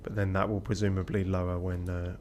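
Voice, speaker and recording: A man with a fairly low voice casually narrates his game on a live stream. His tone is offhand, with mumbled asides and the occasional swear word. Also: level tone, fairly quick, a little mellow, slight background noise.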